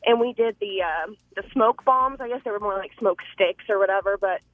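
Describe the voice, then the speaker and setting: A woman's voice: mid-range voice, fairly quick, no echo. A woman, a young mother, calling into a radio show and chatting in a giggly, rambling way. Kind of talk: casual call-in chat. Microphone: phone. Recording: tinny phone line.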